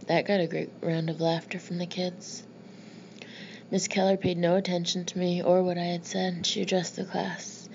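A woman narrating a first-person audiobook in a low, gravelly voice. She keeps a flat, steady line with little rise and fall. The recording is slightly muffled with a faint hiss. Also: normal speed. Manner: plain, steady storytelling.

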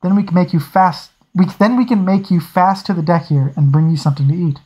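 An audiobook reader plays a young naval captain, polite and formal even under strain. His speech is courteous and measured, at a middling pitch. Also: slightly rough, dull audio, close to an everyday voice.

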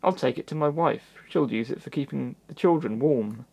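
Guy doing a wise old owl, kinda stern, gravelly, measured. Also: mid-range voice, dark tone. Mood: kindly. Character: wise gruff male brown owl.

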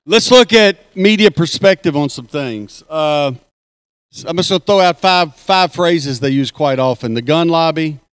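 A man with a drawl gives a talk at a conference, folksy and joking as he works the crowd. His voice sits somewhat high and comes through smooth and resonant. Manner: folksy, joking, leads crowd call-and-response chants. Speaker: conference speaker. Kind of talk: speech at a conference. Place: conference hall.

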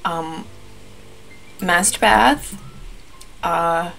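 A woman's voice: on the low side, very slow, vocal fry, a bit bright. Flustered young Wisconsin woman gamer. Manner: flustered, chatty, lots of fillers and repeated exclamations. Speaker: gaming YouTuber. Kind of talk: frantic timed building commentary. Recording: light background music.

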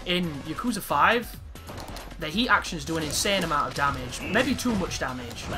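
Excitable high-voiced male game commentator. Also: normal speed. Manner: excitable, crude jokes, sudden exclamations. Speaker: gameplay commentator. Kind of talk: let's play commentary. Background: game music.

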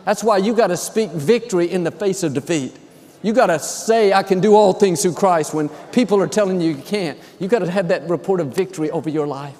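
Male pastor, high voice, encouraging, reverberant church hall. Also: fairly quick, darkish tone. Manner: upbeat, encouraging. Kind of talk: conversational sermon.

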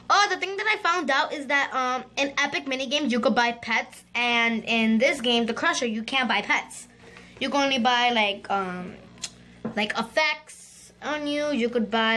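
A woman hosting a gaming channel, giving excitable let's-play commentary and chattering to her viewers. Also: fairly high pitch.

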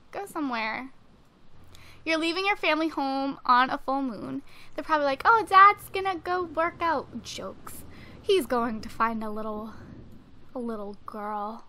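A young woman talks through a life-sim let's play into a desk microphone, chatty and giggly, bossing her characters around. Her voice sits high and sounds bright and sharp. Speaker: gaming video host. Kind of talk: casual let's play commentary. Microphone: desk USB microphone.

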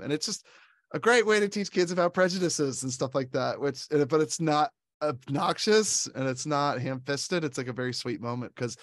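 A man's voice: a little high, lively intonation, normal speed, dry recording. A man co-hosting a casual film chat, enthusiastic and laughing often as he recounts favorite scenes. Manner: enthusiastic, laughs often, quotes lines in put-on voices. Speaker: podcast co-host.

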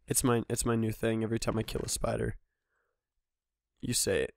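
A man's voice: on the low side, expressive, measured pace, creaky, no room sound, studio quality. A young man hosting a gaming channel, giving solo let's-play commentary with joking, self-mocking, rambling asides.

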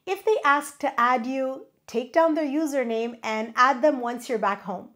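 A woman's voice: high voice, normal speed, a bit bright. A middle-aged woman presenting travel safety tips in a friendly, advising way, counting through a numbered list. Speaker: travel vlogger. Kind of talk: scripted travel tips to camera.

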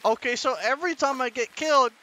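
A man's voice: extremely high pitch, fast talker, very noisy. A young man commentating a horror game let's play, jumpy and laughing nervously at scares. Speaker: gaming streamer.

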